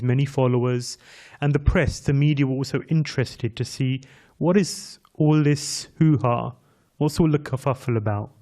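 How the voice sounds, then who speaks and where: Visiting English preacher, male, mid-pitched, easygoing sermon that draws in the crowd with questions. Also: darkish tone. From England. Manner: chatty, addresses the audience directly with questions. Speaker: visiting speaker at a temple class. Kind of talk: conversational sermon.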